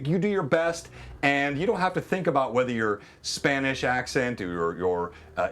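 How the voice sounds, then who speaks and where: A man serves as game master for a tabletop game on a live stream, narrating the action and walking through the rules. His pitch sits in an ordinary middle range but swings widely as he talks. He laughs often along the way.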